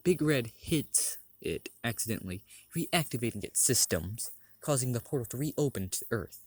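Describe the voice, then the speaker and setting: A man improvising a fan fiction story aloud, rambling, correcting himself and clearing his throat often. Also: medium pitch, animated, normal speed, darkish tone, no echo.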